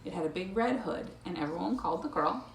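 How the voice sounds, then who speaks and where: A woman reading picture books aloud to a child, playful and animated, breaking into animal sounds. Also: lowish voice, fast, gravelly. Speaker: storytime reader. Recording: echoey room, faint noise.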